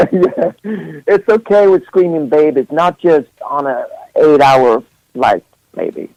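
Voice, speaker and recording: A man's voice: on the high side, expressive, takes it slowly, no room sound, lo-fi sound. A man whose first language is Swedish, a musician guest on an internet radio interview, talking playfully with fillers and frequent laughs.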